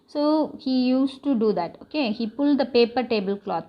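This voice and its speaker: Woman teacher, slightly high pitch, patient repetitive explaining, dull lo-fi audio. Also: animated. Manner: explains slowly with many repetitions and fillers. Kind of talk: classroom lesson explaining an English text.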